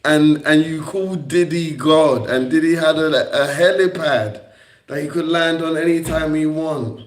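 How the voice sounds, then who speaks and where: Brief: young adult man, livestreamer, slightly high voice, unhurried, combative and repetitive, roomy echo. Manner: confrontational, repetitive, swearing at critics. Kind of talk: rambling livestream monologue. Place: indoor room on a livestream. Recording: echoey room.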